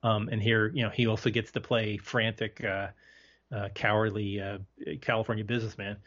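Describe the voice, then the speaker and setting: A man guesting on a casual film podcast, talking in halting bursts with many restarts. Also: on the low side, flat delivery, fairly bright tone. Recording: dull lo-fi audio.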